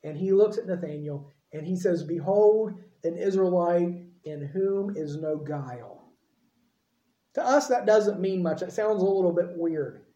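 A male preacher delivers a conversational sermon and often asks his listeners questions. His voice is mellow and soft. The sound rings in a roomy space. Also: high-pitched, highs cut off. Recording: roomy echo.

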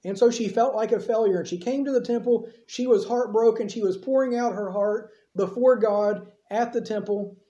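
A preacher delivering a sermon in an easy, conversational storytelling manner, with offhand asides. The voice is mellow and dark. It echoes through a church and sounds a little dull. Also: medium pitch, moderate pace, hardly any pauses.

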